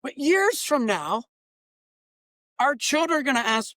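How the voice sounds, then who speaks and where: Animated fifty-something man, dry close sound. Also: extremely high pitch, measured pace, no room sound. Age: late 50s. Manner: animated and emphatic, acting out quoted exchanges. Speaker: guest, diversity trainer and consultant. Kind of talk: casual interview conversation.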